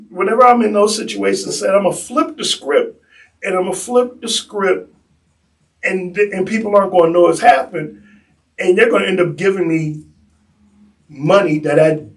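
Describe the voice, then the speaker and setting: A man who works as a tour guide, telling stories in an animated way and acting out the people he quotes. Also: high-pitched, moderate pace, vocal fry, long pauses, distant mic, low-quality recording. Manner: acts out the people he quotes in bursts. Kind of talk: animated storytelling.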